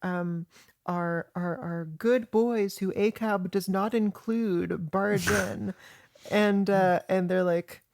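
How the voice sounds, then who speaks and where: A woman co-hosting a podcast, recapping scenes in a wry, expressive, casual way. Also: medium pitch, slow pace, vocal fry. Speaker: podcast co-host.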